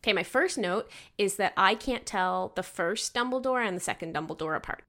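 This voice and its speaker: A woman co-hosting a podcast in casual chat, blunt with deadpan humor. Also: mid-range voice, a little fast. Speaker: podcast co-host.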